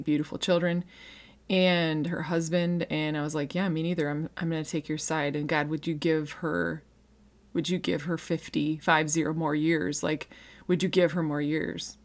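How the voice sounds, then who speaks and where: A woman in her thirties sharing an emotional personal faith testimony, earnest and conversational, with frequent restarts and fillers. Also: low voice. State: emotional, near tears.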